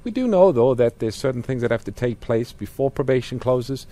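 A man's voice: mid-range voice, expressive, brisk, warm tone. Male co-host reading listener questions. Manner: reads listener questions, adds scripture. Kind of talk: Bible question and answer talk.

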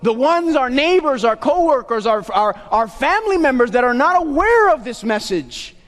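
Loud, very high-voiced preacher man. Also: big pitch swings, normal speed. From Puerto Rico. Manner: loud, emphatic call-and-response preaching. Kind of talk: sermon. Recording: long hall reverb.

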